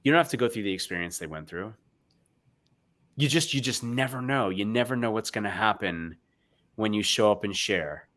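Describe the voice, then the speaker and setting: A man speaking earnestly in a heartfelt motivational chat on a video call, swinging between loud bursts and hushed moments. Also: lowish voice, expressive, normal speed. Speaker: guest speaker.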